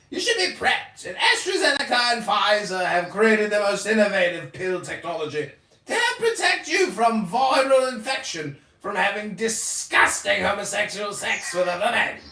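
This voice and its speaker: A man voicing a deep, gravelly, mock-serious Australian bloke in a parody ad. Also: pushed and bright, distant mic, exaggerated voice. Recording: roomy echo, off-mic.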